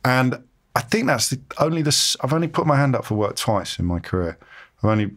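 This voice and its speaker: A man's voice: mid-range voice, very animated, brisk. A man, interviewed in a casual chat, telling his career stories in a chatty, self-deprecating way, acting out the voices of people he quotes. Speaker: interviewee, radio presenter.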